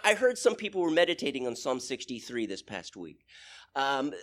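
A man's voice: mid-range voice, very animated, moderate pace, fairly bright tone. A male pastor leading a prayer and then preaching in church, earnest and conversational as he tells a story. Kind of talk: prayer and sermon. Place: church sanctuary.

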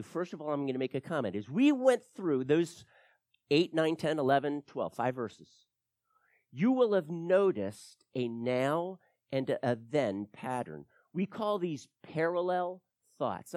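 A man preaching a verse-by-verse sermon, emphatic and animated, at times repeating words as he stresses a point. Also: fairly high pitch, dry recording, studio quality.

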